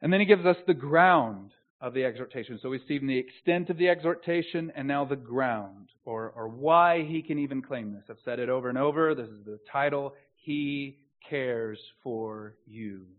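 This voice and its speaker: A man preaching a sermon as a pastor, swinging from soft, close, earnest phrases to loud, slowed, emphatic proclamation. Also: medium pitch. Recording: tinny phone-like sound.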